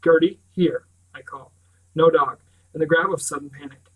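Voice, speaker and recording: A man reading a first-person novel aloud in a measured way, often sinking to a hushed, intimate tone. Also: fairly high pitch, little pitch movement, breathy edge, phone-quality sound. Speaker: audiobook reader.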